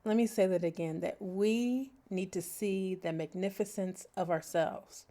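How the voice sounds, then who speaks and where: A middle-aged woman hosts her own podcast, talking in an animated, heartfelt way. Her voice sits in a mid range. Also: medium pitch, a little slow. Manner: expressive, animated, breaks into laughter and sings snatches. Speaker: podcast host. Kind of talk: reflective solo podcast talk.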